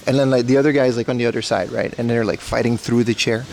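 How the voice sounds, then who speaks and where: A man's voice: mid-range voice, steady tone, fast talker, gravelly, few pauses, darkish tone, a little hiss or hum. A man streaming live while browsing a secondhand electronics shop indoors, rambling and cracking jokes to his chat on a mobile rig. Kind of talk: casual IRL livestream commentary.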